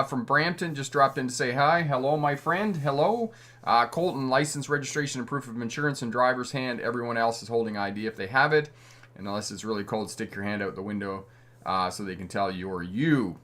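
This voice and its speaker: A middle-aged driving instructor from Canada runs a live stream, chuckling often as he reads viewer comments in a chatty, friendly way. His medium-pitched voice is bright and forceful, at a normal speed.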